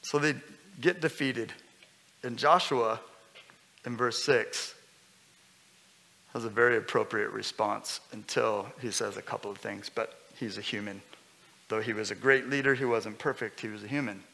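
A man preaching a sermon as pastor, conversational and lively, with sudden loud bursts. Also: on the low side, normal speed, vocal fry, pauses often. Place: church hall. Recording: long hall reverb.

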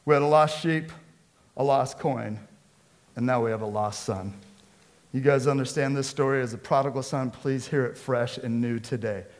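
A man, a pastor from the Seattle area, preaching a sermon with lively storytelling and acted-out quotes. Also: medium pitch, normal speed. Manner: storytelling, animated, acts out quotes.

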